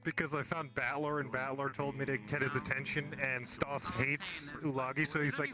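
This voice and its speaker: Man, casual storyteller, quotes others, medium pitch, clear background music. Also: little pitch movement, normal speed, few pauses. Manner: storytelling, quoting others, swearing. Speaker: role-play player. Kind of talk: casual anecdote telling.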